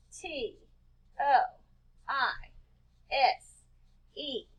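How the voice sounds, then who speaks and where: Woman teacher with a high voice for a children's writing lesson: patient and slow, spells words letter by letter. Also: a bit bright. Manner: asks children questions and answers them herself. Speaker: kindergarten-level teacher.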